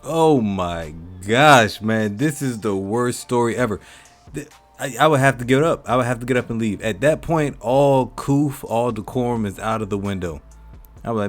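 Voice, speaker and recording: A man's voice: medium pitch, expressive, normal speed, faint music behind. A man hosting a reaction channel, commenting on a clip in an indignant, emphatic way and talking back at it.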